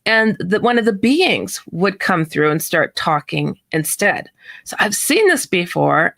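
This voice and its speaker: A woman guest tells a personal story with real animation, acting out both sides of the conversation. Her voice is bright and pointed. The sound is dry and close, with no room around it. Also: medium pitch, dry recording. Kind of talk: storytelling in an interview.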